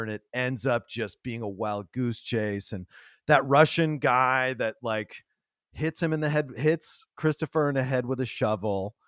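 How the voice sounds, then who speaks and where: Man, podcast host, excitable, swears, laughs a lot, dry close mic. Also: medium pitch, no echo. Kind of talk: casual podcast chat.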